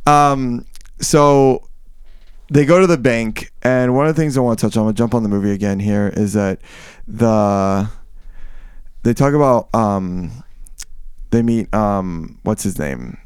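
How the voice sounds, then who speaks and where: A man's voice: lowish voice, a little slow, a little mellow, clean tone, no room sound, clean studio sound. A man co-hosting a casual book-discussion podcast, rambling with frequent restarts and self-corrections. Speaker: podcast co-host.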